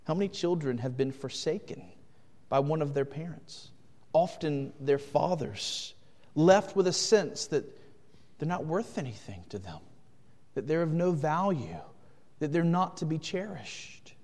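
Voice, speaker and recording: A man preaching a sermon, earnest, swinging between loud urgent passages and hushed ones. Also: on the high side, animated, unhurried, big-room sound. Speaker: pastor.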